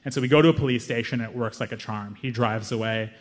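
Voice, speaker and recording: A young man telling a long comic story on stage, self-mocking and animated, with quick asides. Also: mid-range voice, long reverb tail. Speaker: stand-up comedian. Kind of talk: stand-up storytelling.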